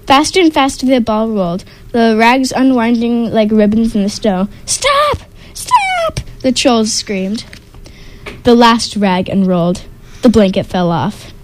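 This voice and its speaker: Woman, storyteller, picture-book read-aloud, expressive, slightly high pitch. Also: a little slow, a little hiss or hum, rough recording. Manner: expressive, with sound effects.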